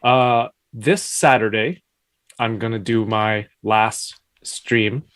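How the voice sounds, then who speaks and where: A man's voice: fairly low pitch, steady tone, slow pace, a bit bright, dry recording. A man co-hosting a live stream, joking around in casual chat. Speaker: co-host.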